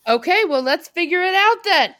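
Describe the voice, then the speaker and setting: Lively woman playing a character. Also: very high-pitched, moderate pace. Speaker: tabletop game player. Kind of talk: in-character role-play.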